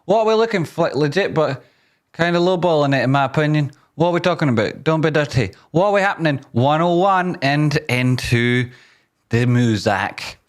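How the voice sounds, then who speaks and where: A man with a fairly high voice and lively intonation talks at normal speed on his casual live stream, reading out viewer comments with jokes and teasing and building excitement for a guess-the-tune game.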